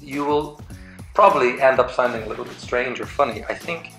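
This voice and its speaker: A man with an Irish accent, an English teacher, chatting in a relaxed, easygoing way in an echoey room. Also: medium pitch, a little fast, soft background music. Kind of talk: casual chat.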